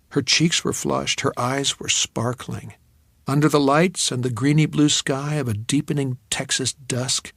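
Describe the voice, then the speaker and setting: A man reading a novel aloud in measured, reflective first-person narration on a studio mic. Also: mid-range voice, vocal fry, fairly bright tone, slightly rough, no room sound. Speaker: audiobook narrator.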